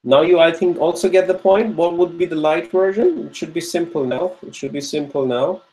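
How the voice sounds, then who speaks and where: A man's voice: on the high side, normal speed, a little mellow, rough recording. Patient man teaching Arabic grammar. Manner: patient, repeats each answer and checks with "okay?"; praises students' answers. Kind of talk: online grammar lesson.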